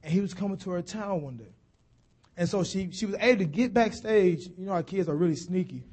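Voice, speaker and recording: Preacher, male, fairly high voice, rhythmic repetition that rises to shouts. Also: brisk. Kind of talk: sermon.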